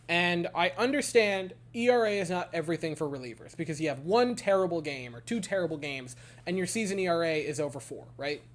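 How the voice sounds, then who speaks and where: A man giving a casual baseball game recap, ranting in an exasperated, animated way. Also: fairly high pitch. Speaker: baseball fan commentator.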